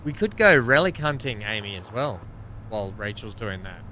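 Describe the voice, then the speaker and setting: A man's voice: on the low side, sing-song, moderate pace, bright, forceful tone, slight background noise. A man hosting a live gaming stream, chatting casually and greeting viewers by name as he plays. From Australia.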